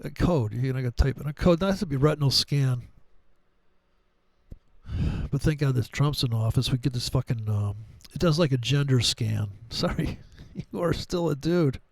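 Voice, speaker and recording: A man's voice: mid-range voice, normal speed, vocal fry, dry recording. A middle-aged man giving casual, profane, wisecracking commentary on trading charts, wandering off on tangents.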